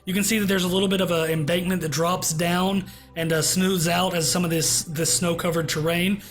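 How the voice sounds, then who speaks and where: A man narrating as game master in a tabletop game, halting, with many fillers. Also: high-pitched, level tone.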